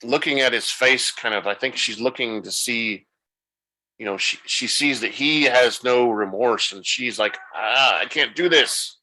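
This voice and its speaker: A man's voice: mid-range voice, moderate pace, sharp tone, low-quality recording. A man hosting a podcast, retelling the plot loosely in a casual recap and thinking aloud as he goes. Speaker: podcast host.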